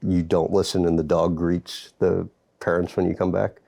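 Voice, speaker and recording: A man hosting an interview and asking unhurried, measured questions. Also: low-pitched, little pitch movement, gravelly, dark tone. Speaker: interviewer, host.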